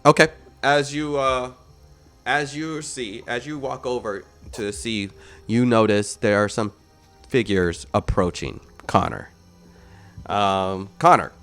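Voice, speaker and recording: A man runs a tabletop game, narrating scenes in an easygoing, rambling way. His voice sits low, and he talks at an unhurried pace. Faint music plays in the background. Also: fairly bright tone, smooth. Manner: loose, rambling narration with fillers. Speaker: game master.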